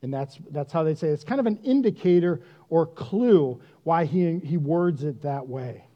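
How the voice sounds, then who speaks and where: A man preaching a sermon in a conversational, self-deprecating and animated way. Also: a little high, moderate pace, dull audio. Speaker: pastor.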